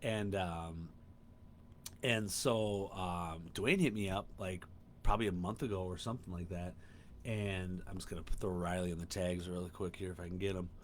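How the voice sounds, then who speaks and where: A man in his thirties hosting a casual solo podcast from home, rambling, swearing and getting excited. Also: sits low, normal speed, slight background noise. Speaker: podcast host. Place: home room.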